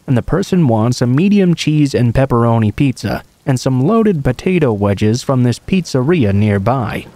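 A man reading true horror stories aloud in a calm, even storytelling manner. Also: mid-range voice, dry recording. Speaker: narrator. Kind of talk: scripted narration of horror stories.

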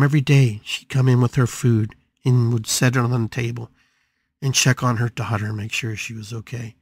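A man's voice: medium pitch, a little mellow, no echo, studio quality. Man, podcast host, mid-range voice, spiritual storytelling, emphatic repetition.

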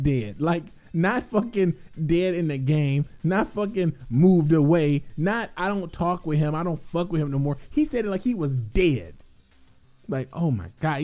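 Slow-talking profane man riffing to viewers. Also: high-pitched. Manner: profane, excitable, laughs often, streetwise slang. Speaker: gaming content creator. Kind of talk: casual rambling talk to viewers.

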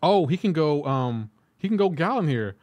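A man's voice: a little high, big pitch swings, moderate pace, a little mellow, no room sound. Chatty man streaming a game, dry sound. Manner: loose, chatty, talks back to viewers, lots of "like". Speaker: gaming livestreamer. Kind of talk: casual live-stream chat while playing.

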